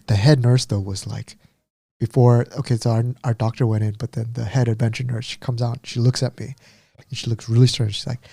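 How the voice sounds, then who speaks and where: A man co-hosting a podcast, chatting casually and telling a story with lively acted-out quotes. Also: medium pitch, a little fast, gravelly, breathy edge, no room sound, clean studio sound. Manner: animated storyteller, acts out quotes. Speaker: podcast co-host. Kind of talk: casual chat.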